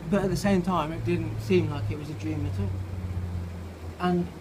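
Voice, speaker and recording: A slightly drunk man reading his own story aloud outside a pub, halting and playful, with restarts and swearing. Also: fairly high pitch, fairly even intonation. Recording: noisy outdoor pub ambience.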